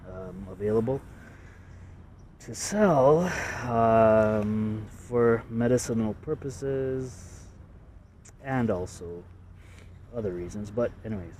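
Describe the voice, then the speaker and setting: Warm and fairly low-pitched, this Canadian artist's voice sounds far from the mic, with slight background noise. He gives a casual, rambling walkthrough of his drawings, hesitant, self-deprecating, and full of fillers.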